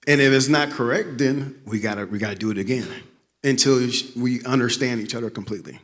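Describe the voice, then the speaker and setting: A man's voice: mid-range voice, brisk, a bit bright. A man on a panel giving a frank, jovial answer about marriage. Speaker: guest speaker, husband. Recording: long hall reverb.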